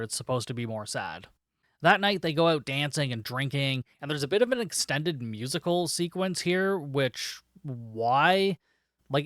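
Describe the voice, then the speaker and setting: A man talks through a film's plot for his podcast in a loose, chatty way, dropping sarcastic and profane asides. His voice is smooth and clear, and it sounds dry and close to the mic. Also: mid-range voice, fairly bright tone, no echo. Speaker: podcast host reviewing a film. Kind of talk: casual spoken film recap.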